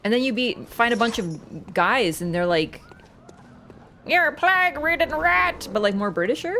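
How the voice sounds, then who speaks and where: A young woman streams a game with chatty, excitable commentary, swearing and laughing often. Her voice sits in a middle pitch range. Steady background noise runs under the recording. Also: brisk. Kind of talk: casual gameplay commentary.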